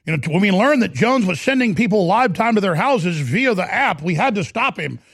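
A middle-aged male talk radio host rants loudly and excitably from the studio, breaking into shouts now and then. His voice sits high and gravelly, and the sound is close and dry. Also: a little fast, dry recording. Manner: loud, excitable, ranting with bursts of shouting. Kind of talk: ranting talk radio broadcast.

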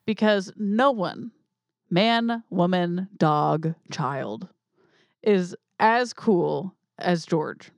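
A woman's voice: lowish voice, animated, extremely slow, no room sound. A woman co-hosting a podcast in casual movie chat, teasing and wry. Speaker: podcast co-host.

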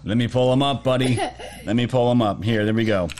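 A man's voice: mid-range voice, fairly even intonation, fairly quick, a little mellow. A man hosting a casual political livestream, rambling and jokey, with plenty of filler words. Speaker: livestream host. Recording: music playing underneath.

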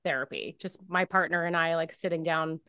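A woman's voice: deep voice, fairly even intonation, a little fast, bright, forceful tone, clear, resonant tone, no room sound. Earnest woman guest, dry close sound. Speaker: podcast guest. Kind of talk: casual conversational interview.

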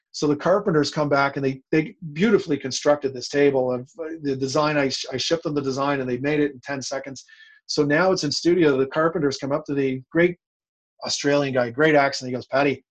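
A man as a guest in an interview, telling a long story in a rambling, animated way with many restarts. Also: a little high.

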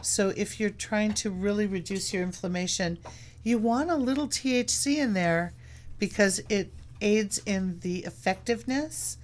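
A woman guest in a casual talk show, pitched in the middle range. She speaks in an easygoing way and pauses often with ums and uhs. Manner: relaxed, hesitant, many ums. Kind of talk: casual chat.

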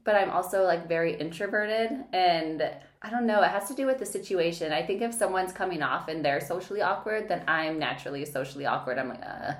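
A woman's voice: fairly low pitch, brisk. Rambling woman in an echoey room. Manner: rambling, self-deprecating, stop-start. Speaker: posing coach and friend. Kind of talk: casual chat.

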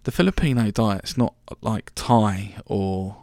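A man in his twenties or so tells a travel story in a loose, chatty way, swearing and restarting often. His voice is lowish and gravelly. The recording is dry and close. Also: slow, darkish tone, dry recording. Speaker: podcast host. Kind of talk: casual storytelling monologue.

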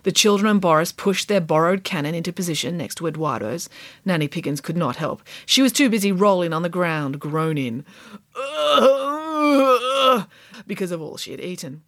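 A woman's voice: fairly low pitch, a little fast, dry recording, studio quality. A woman reading a children's storybook aloud, narrating with wry, playful asides to the listener.

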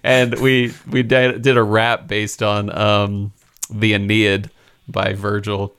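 Young guy on a podcast, kinda low voice, chatty and upbeat, laughs a lot. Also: level tone, slow, a bit bright, clear, resonant tone. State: expecting father. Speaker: podcast co-host. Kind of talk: casual chat.

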